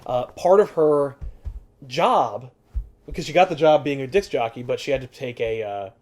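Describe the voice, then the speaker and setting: A man casually recapping a comic book plot on a podcast, animated and sweary, full of filler words. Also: mid-range voice, moderate pace. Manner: animated storyteller, swears freely, many filler "likes". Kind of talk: casual chat.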